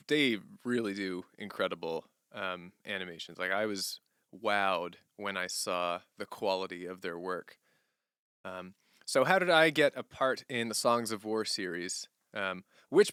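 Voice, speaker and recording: Young male streamer, bright and crisp tone, dry close sound, loose, chatty and laughing. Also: fairly low pitch, dry recording. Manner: relaxed, rambling, laughs often. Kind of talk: casual livestream chat answering viewers.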